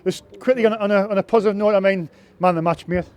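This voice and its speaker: A man's voice: high-pitched, fairly even intonation, very fast, darkish tone. A man reporting for a football fan channel and running street interviews, often stumbling and repeating his words. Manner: stammers and repeats words, agreeable. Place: outdoors in town.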